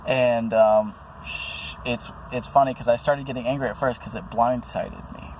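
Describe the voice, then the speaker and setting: A man's voice: medium pitch, fairly even intonation, moderate pace, a little mellow, slight background noise, rough recording. A man speaking about his own experiences in an earnest, rambling monologue, full of restarts and fillers. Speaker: vlogger. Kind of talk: personal monologue to camera.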